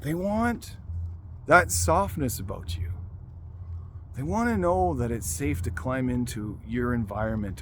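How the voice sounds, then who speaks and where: A man of middling pitch talks earnestly to fathers as a coach, often circling back and restarting his thoughts. A faint noise sits under the recording. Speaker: life coach and host. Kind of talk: motivational video talk.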